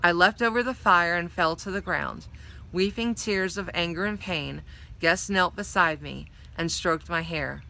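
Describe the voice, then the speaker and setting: Woman reader, measured and expressive, narrating a children's story; very bright tone. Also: on the low side, vocal fry, rough recording. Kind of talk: reading a children's novel aloud.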